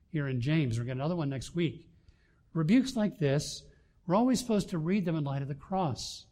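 An older man delivers a sermon with real earnestness. His voice sits a little high for a man, and it swings between forceful emphasis and hushed, personal asides. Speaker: pastor.

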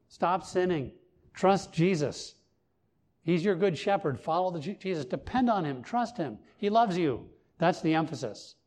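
With a voice on the high side and a darkish tone, a male pastor gives an earnest, emphatic sermon. He lifts his voice whenever he reaches a key point.

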